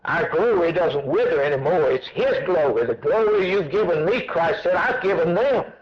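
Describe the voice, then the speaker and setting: A man's voice: fairly high pitch, lively intonation, normal speed, highs cut off. A man preaching a sermon with an emphatic, repetitive cadence, asking and then answering his own questions.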